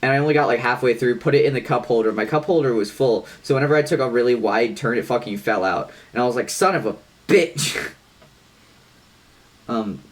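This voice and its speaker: A man's voice: mid-range voice, a little fast. A man co-hosts a casual podcast in an ordinary mid-range voice. He talks loosely, packs his sentences with fillers, and swears freely. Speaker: podcast co-host. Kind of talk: casual chat.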